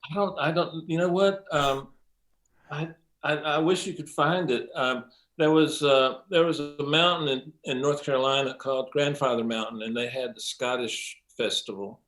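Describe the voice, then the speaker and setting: An older man, a mix engineer as interview guest, telling stories in a lively way, acting out quotes, with many ums and some swearing. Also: mid-range voice, moderate pace. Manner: animated storyteller, acts out quotes, frequent ums and profanity. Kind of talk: casual interview storytelling.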